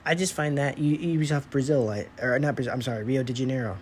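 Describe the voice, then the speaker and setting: A man's voice: medium pitch, fairly even intonation, fast, a little hiss or hum, low-quality recording. A man hosting a casual gaming commentary monologue, rambling and conversational with many fillers and restarts.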